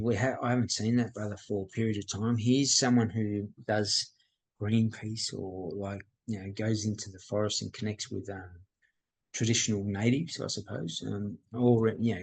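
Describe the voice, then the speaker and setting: A man's voice: fairly low pitch, fairly even intonation, normal speed, a little mellow, husky, low-quality recording. A middle-aged man, telling his life story as a podcast guest in a plain-spoken, reflective way. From Australia. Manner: reflective, plain-spoken, acts out quoted dialogue. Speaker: podcast guest, mindset coach. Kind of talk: candid personal storytelling.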